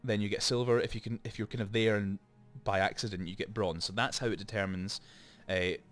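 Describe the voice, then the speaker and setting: A gaming channel host runs a let's play into a desk microphone, chatting and rambling through explanations with plenty of asides. His voice is on the low side and steady, fairly quick, with soft background music.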